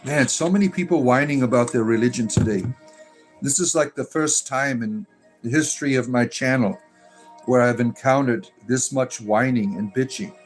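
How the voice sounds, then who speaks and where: A man's voice: medium pitch, moderate pace, faint music behind. A man hosting a pagan livestream, reading and answering chat comments in a sarcastic, exasperated way with lots of fillers. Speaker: pagan clergy livestream host.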